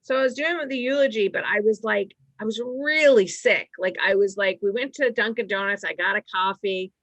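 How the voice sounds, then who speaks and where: A middle-aged woman from Massachusetts, a stand-up comedian telling rambling stories with quick asides in a casual chat. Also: medium pitch, a bit bright, no echo. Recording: dry, slightly dull sound.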